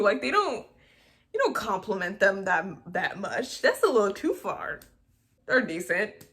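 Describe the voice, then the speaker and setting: A young woman talks straight to camera, running through a film's plot in a loose, chatty way. She breaks in with dry, sarcastic jabs and laughs at her own remarks. Her voice sits at a middling pitch for a woman. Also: big pitch swings, a little slow, fairly bright tone. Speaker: movie review vlogger. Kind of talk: casual movie recap.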